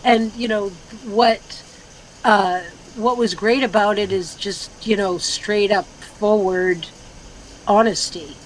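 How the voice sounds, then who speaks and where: A woman's voice: medium pitch, steady tone, slow pace, a little hiss or hum, low-quality recording. A woman guest in a casual live chat, talking bluntly with plenty of fillers and free swearing. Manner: blunt and loose, swears freely, lots of fillers. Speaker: guest speaker.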